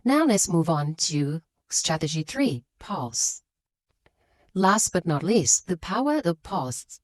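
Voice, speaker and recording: Lively woman teaching emphasis. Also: fairly low pitch, measured pace, dry recording, studio quality. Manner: lively, stresses example words clearly. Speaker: English teacher. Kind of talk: scripted lesson to camera.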